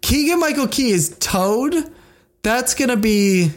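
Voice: medium pitch, lively intonation, measured pace. A co-host of a casual nerd-news podcast who sounds upbeat and teasing and argues back playfully.

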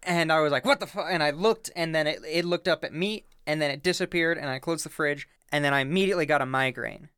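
A man's voice: fairly high pitch, fast talker, few pauses, fairly bright tone, clear, resonant tone, dry recording, clean studio sound. A young man co-hosting a casual podcast, throwing in wry, teasing jokes. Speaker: podcast co-host. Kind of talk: casual chat.

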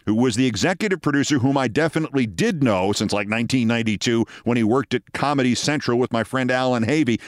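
A man in his sixties hosting a show, telling a story in a measured, dramatic way with wry asides. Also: medium pitch, no echo, studio quality. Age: 60s. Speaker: host. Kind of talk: storytelling monologue.

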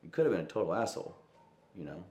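Deep-voiced man telling a personal story. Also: big pitch swings, very fast, echoey room. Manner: reflective, quotes voices with soft asides and laughs. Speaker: musician interviewed.

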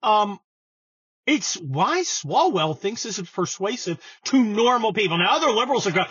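A man's voice: high voice, very animated, moderate pace, fairly bright tone, husky, no room sound, highs cut off. A man giving sarcastic, scornful political commentary on his show, often stumbling and restarting his sentences. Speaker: political podcast host.

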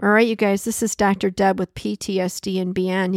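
A woman's voice: mid-range voice, steady tone, normal speed, hardly any pauses, no room sound, clean studio sound. A woman hosting a solo podcast, talking in a conversational way, repeating key phrases for emphasis and laughing often. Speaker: podcast host.

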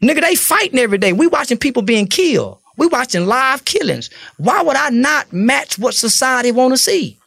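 A man's voice: extremely high pitch, big pitch swings, moderate pace, creaky, hardly any pauses, pushed and bright, dry recording. A middle-aged man from Texas, talking bluntly and profanely as a podcast guest. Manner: blunt, profane, preacher-like storytelling. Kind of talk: casual interview talk.

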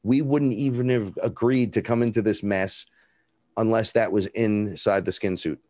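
Guest: a man, lowish voice, dry close sound, swearing storyteller who acts out quotes. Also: steady tone, normal speed, a little mellow, no room sound. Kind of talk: casual storytelling.

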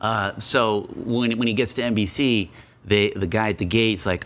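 Animated man telling a family story. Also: lowish voice, moderate pace. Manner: animated, acts out quotes. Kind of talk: casual storytelling.

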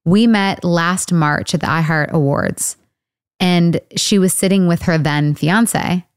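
A woman's voice: fairly low pitch, slow pace, clear, resonant tone, dry recording. Chatty woman podcast host, dry close sound. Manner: chatty, laughing, rambling. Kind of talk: casual chat and ad read.

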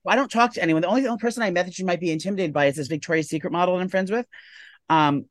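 A man co-hosting a podcast, telling gossipy stories in a casual chat. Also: high-pitched. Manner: rapid-fire gossipy storytelling. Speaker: podcast co-host.

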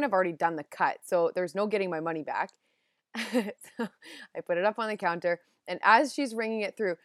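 A woman's voice: medium pitch, no room sound, clean studio sound. A young woman hosting a podcast, telling a story in a chatty, self-deprecating way and laughing at herself. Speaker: podcast host. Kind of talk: casual storytelling monologue.

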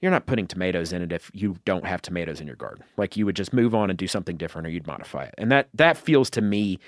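A man's voice: low voice, expressive, quick pace, no room sound, clean studio sound. A man, a chef chatting as a podcast guest, rambling through long explanations full of fillers. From Southern United States. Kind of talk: casual conversation.

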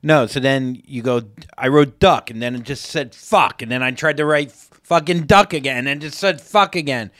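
A man's voice: medium pitch, fairly quick, no echo, studio quality. A man co-hosting a podcast, riffing on joke ideas in a loose, casual chat. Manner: relaxed, riffs on jokes with fillers. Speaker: podcast co-host.

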